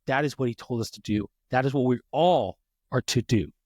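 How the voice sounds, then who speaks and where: A man co-hosts a casual faith podcast with eager, rambling enthusiasm. He trips over his words and starts sentences again as he goes. His voice sits at an ordinary pitch, and the recording sounds dry and close. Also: a little fast, darkish tone, no echo. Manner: enthusiastic, rambling, many restarts. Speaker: podcast co-host.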